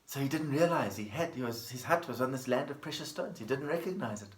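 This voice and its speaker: A man of middle pitch gives a Buddhist dharma talk, calm and gentle, telling a simple story and circling back to key phrases. His voice carries the echo of the room around him. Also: fast. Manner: gentle, storytelling with plain repetition. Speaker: Buddhist teacher. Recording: echoey room.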